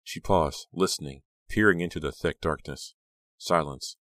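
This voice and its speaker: A man narrating a horror audiobook in a steady, dramatic reading. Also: very deep voice, normal speed, no room sound.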